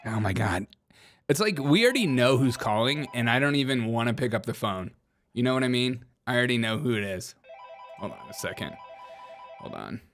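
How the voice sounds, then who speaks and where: A man's voice: medium pitch, expressive, fairly quick, a bit bright, faint music behind. A man hosting a comedic political commentary show, joking and mocking with frequent laughter. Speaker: host.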